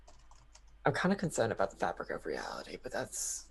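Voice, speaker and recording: A woman's voice: a bass voice, huge pitch swings, fairly quick, gravelly, breathy edge. A woman playing a tabletop game, speaking hesitantly and thinking aloud. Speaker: player. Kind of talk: casual tabletop game play.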